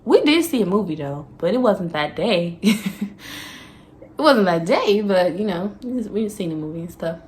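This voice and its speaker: A woman's voice: mid-range voice, lively intonation, normal speed, a little mellow, a little hiss or hum. A young woman telling a candid, profane storytime on her vlog, laughing often and acting out what she said back then. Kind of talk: casual storytime.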